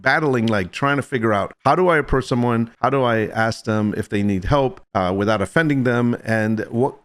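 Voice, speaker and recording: A middle-aged man streaming, telling a story to his chat in a rambling way, full of restarts and "I'm like". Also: mid-range voice. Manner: rambling, self-interrupting, lots of "I'm like".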